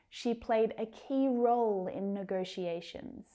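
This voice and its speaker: A woman teaching English pronunciation, saying words slowly and carefully with drawn-out enunciation, then using them in example sentences. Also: medium pitch, warm tone. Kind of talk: pronunciation lesson.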